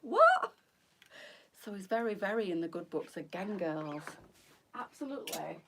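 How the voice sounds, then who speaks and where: A woman's voice: on the low side, moderate pace, far from the mic, noisy background. A middle-aged woman, hosting a live boutique try-on with bubbly, gossipy chat and frequent laughter. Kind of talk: chatty live-stream fashion talk.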